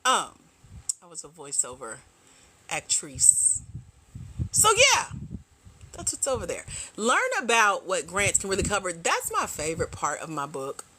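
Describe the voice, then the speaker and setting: A woman hosting a casual livestream as a grant coach, animated and slangy, teasing her viewers and laughing often. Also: on the low side, unhurried, a little hiss or hum, poor audio.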